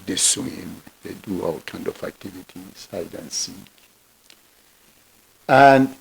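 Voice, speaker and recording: A man giving a talk and telling a gentle parable in a gravelly, husky voice. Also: on the low side, poor audio. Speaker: lecturer. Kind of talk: storytelling talk.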